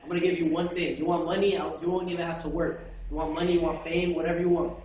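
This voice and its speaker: A man's voice: on the high side, level tone, fast talker, a little hiss or hum, lightly acted. A young man voicing a middle-aged father who offers his son anything, then grows exasperated, in a dull, roomy recording made far from the mic. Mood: offering. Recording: roomy, distant, dull lo-fi amateur video.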